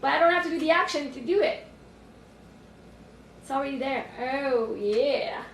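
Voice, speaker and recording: A woman life coach on a livestream from home, thinking aloud with sudden excited outbursts and cooing at her puppy. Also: sits high, fairly quick, gravelly, reverberant, recorded from a distance, a little hiss or hum. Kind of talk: livestream self-reflection. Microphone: phone.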